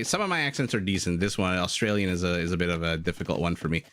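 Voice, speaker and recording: A man calls a live strategy game in a slightly low voice. He talks in a loose, jokey way and keeps breaking off to reply to his chat. Faint keyboard typing sits under his voice. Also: quick pace, hardly any pauses, fairly bright tone, a little hiss or hum. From Canada. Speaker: game caster. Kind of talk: live esports commentary, reading chat.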